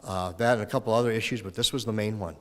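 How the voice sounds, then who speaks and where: A man's voice: fairly low pitch, fast talker, fairly bright tone. A middle-aged man from Minnesota giving a farewell speech as retiring mayor, telling folksy stories and acting out the voices in them. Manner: folksy storytelling, acts out voices in anecdotes. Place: council chamber in city hall. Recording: long reverb of a council chamber.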